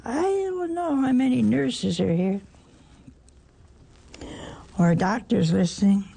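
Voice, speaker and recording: A woman's voice: medium pitch, sing-song, slow pace, creaky, mellow, husky. An older woman preaching a sermon, emphatic, asking rhetorical questions and repeating her phrases.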